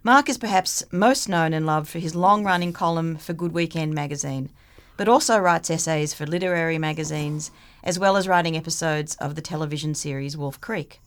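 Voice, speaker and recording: A woman's voice: low voice, a little fast. A woman, hosting a podcast, reading a guest introduction in a playful, teasing way. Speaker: podcast host. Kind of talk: scripted introduction, then casual chat.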